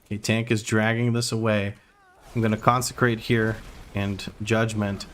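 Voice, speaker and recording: A man's voice: on the low side, flat delivery, normal speed. A man streaming a game, giving running play-by-play with wry asides to his chat. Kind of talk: live gameplay commentary.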